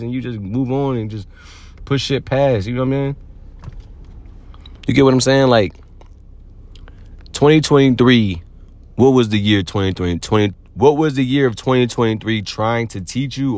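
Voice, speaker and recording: Low-voiced man giving a loose slangy pep talk. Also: dry recording. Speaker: podcast host. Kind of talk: casual motivational monologue.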